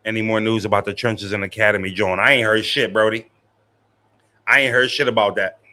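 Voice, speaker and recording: A man's voice: fairly low pitch, fairly even intonation, fairly quick, bright, forceful tone. A young man live-streaming, chatting casually with his viewers in slangy, profane talk and laughing often.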